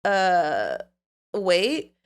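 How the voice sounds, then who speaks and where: A woman's voice: fairly low pitch, huge pitch swings, drawn-out words. A young woman co-hosting a podcast in casual chat, talking candidly with lots of swearing and filler "like"s. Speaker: podcast co-host.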